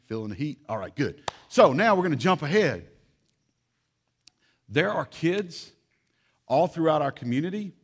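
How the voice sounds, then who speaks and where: A man's voice: a little high, husky. Earnest pleading male pastor. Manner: earnest, urgent pleading to the congregation. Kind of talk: sermon.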